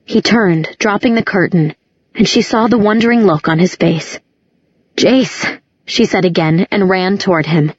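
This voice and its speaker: A woman narrating a novel aloud as an audiobook narrator, in a measured, even reading. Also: fairly low pitch, breathy edge, no echo. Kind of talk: scripted narration. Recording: dull lo-fi audiobook recording.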